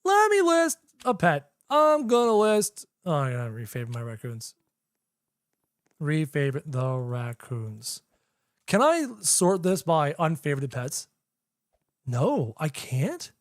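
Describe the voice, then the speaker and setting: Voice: medium pitch, sing-song, slow pace, pauses often, no room sound, studio quality. A young adult game streamer doing live gameplay commentary, chatty, talking to chat and repeating phrases while figuring things out.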